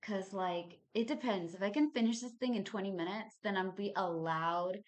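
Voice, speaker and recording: A woman in her thirties with a Southern Texas accent speaks at normal speed in a medium-pitched voice. She gives her viewers a casual, chatty monthly tarot reading full of slang, addressing them as babies and y'all.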